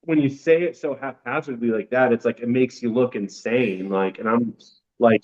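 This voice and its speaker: A man's voice: mid-range voice, unhurried, a little mellow, highs cut off. A man as a guest on a podcast, talking earnestly and animatedly, repeating himself for emphasis. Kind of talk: casual podcast conversation.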